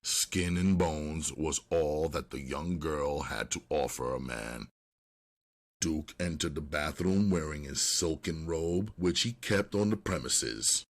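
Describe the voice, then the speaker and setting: A man narrating an audiobook in a steady, unhurried storytelling manner. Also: extremely low pitch.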